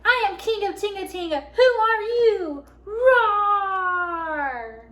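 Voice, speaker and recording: A woman's voice: very animated, normal speed, fairly bright tone. A woman voicing a proud male lion king who roars boldly. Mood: commanding. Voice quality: booming roars, grows from timid to commanding. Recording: echoey room.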